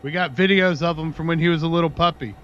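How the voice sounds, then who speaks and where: A man's voice: on the high side, fast talker, a bit bright, muffled recording, a little hiss or hum. A man chatting casually on his livestream, telling a long rambling story and talking to his dog in between. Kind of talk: casual chat with stream viewers.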